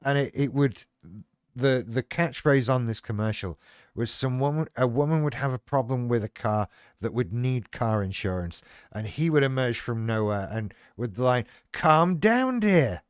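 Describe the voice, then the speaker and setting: A man's voice: mid-range voice, moderate pace, darkish tone, smooth, no room sound. Sweary, wry man on a dry mic. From United Kingdom. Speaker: livestream host. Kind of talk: casual chat.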